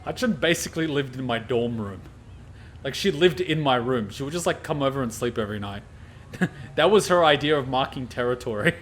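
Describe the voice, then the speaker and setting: A man's voice: mid-range voice, expressive, a little fast, a little hiss or hum. An Australian man streaming a game reaction, telling a rambling casual anecdote full of fillers and laughter.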